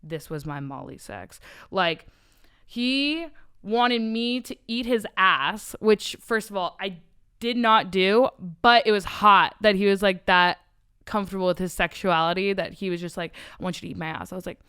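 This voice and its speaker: A woman speaks with a smooth, clear voice in loose, casual podcast chat. She tells candid stories that are full of profanity and keeps dropping "like" between phrases. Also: mid-range voice, measured pace, fairly bright tone. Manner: candid, profane storytelling with many "like" fillers. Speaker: podcast guest.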